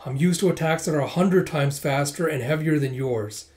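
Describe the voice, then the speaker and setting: A man's voice: fairly high pitch, normal speed, darkish tone, close to an everyday voice. A man reading a manga aloud and voicing a determined young woman with a sword. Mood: resolute. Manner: earnest, resolute.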